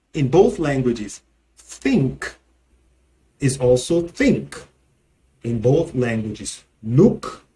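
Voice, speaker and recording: A man with a Nigerian accent teaching a language lesson, saying each example slowly and repeating words clearly. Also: a little high, darkish tone. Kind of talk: slow, deliberate language lesson.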